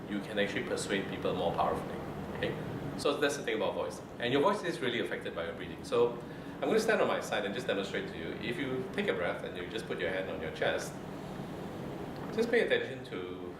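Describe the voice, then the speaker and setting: A man lectures students in a calm, measured way, his voice very low. He is recorded from a distance in a roomy, echoing lecture room. A loud air-conditioning hum runs underneath. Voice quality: low, mid-range voice. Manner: calm, measured, checks in with "okay?". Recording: roomy echo, far from mic, loud air-con hum.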